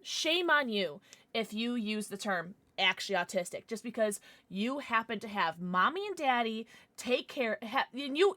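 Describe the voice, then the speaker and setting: Fired-up bright-voiced young woman streamer. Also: on the high side, no room sound. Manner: passionate, swearing, reacting to chat. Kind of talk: casual chat with live chat.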